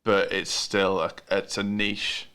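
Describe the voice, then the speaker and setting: A man's voice: low voice, flat delivery, slow pace, bright, forceful tone, clean tone. A British man hosting a podcast, chatting casually, laughing easily and restarting his phrases. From United Kingdom. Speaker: podcast host. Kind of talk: casual interview chat.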